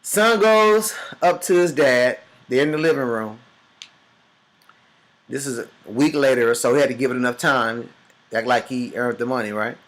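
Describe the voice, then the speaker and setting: A man giving a motivational business talk, telling a story in an animated, dramatic way to a group. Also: medium pitch, normal speed. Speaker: business speaker.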